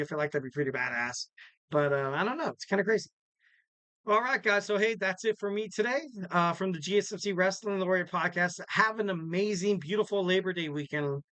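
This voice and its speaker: A man's voice: sits high, fairly bright tone, no room sound. A man hosting a podcast, signing off in a rambling, joking, casual way. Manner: rambling, joking, self-correcting. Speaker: podcast host.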